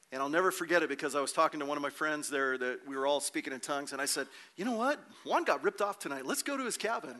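A male pastor delivers a sermon, telling a personal story with lively energy and acting out the people in it. His voice is bright and forceful and sits a little high for a man. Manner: animated storytelling with acted quotes.

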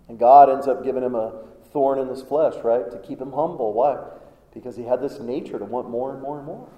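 A man's voice: medium pitch, fairly quick. A man preaching a sermon in a conversational way, often putting questions to the congregation. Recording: echoey hall, dull sound.

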